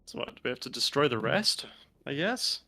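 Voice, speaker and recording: A man's voice: mid-range voice, big pitch swings, fairly quick, vocal fry, pushed and bright, faint music behind. A man playing a tabletop game, chatting in an easygoing, hesitant way. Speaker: player. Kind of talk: casual chat, tabletop game.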